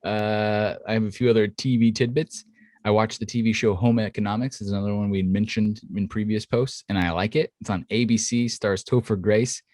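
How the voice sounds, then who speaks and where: Animated casual man, dry close mic. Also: fairly quick, dry recording. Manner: animated, swears, laughs often, mimics people in high voices. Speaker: podcast co-host. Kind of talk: casual chat.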